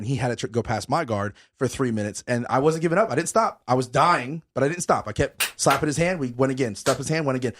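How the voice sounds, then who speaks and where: A young podcast host tells a story in casual chat, animated and swearing a lot while still out of breath. His voice is medium-pitched.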